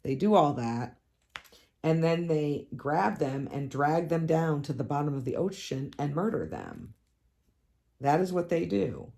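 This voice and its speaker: Gravelly woman ranting in a casual vlog. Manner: animated, blunt, profane ranting; dramatic swoops up in pitch for emphasis. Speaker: crafting channel host.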